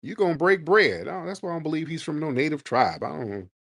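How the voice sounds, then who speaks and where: A man's voice: on the high side, very animated, fast, fairly bright tone, no echo, clean studio sound. A man hosting a radio-style show with callers, mocking and combative, talking over the caller. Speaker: host taking callers. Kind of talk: heated call-in debate.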